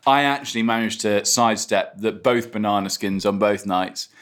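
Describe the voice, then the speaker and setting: A man's voice: fairly low pitch, fairly even intonation, normal speed, a bit bright. A man who trains racehorses, co-hosting a casual chat and telling stories with plenty of restarts. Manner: chatty, storytelling with restarts. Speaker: racehorse trainer, podcast co-host.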